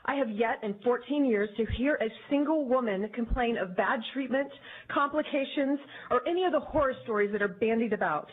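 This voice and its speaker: A woman speaking in an earnest, measured way as she gives prepared testimony before a legislative committee. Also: on the high side. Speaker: advocacy group director testifying. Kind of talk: formal public testimony. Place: legislative committee hearing room. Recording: tinny, phone-like archive audio.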